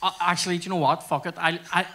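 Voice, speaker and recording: Male podcast host, live on stage, crude storyteller, high and bright. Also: steady tone, very fast. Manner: crude storytelling with sweary asides. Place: theatre stage before audience.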